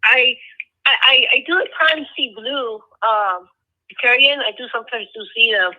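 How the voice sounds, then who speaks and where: A woman's voice: a little high, normal speed, pushed and bright. Stammering woman caller on a muffled phone line. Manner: earnest, stammering, pleading.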